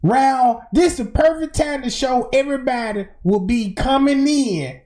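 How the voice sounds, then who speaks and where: Slow emphatic man narrating footage. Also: very high-pitched, darkish tone. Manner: emphatic, slangy, pointing things out. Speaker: commentator walking through footage. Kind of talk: casual commentary over video.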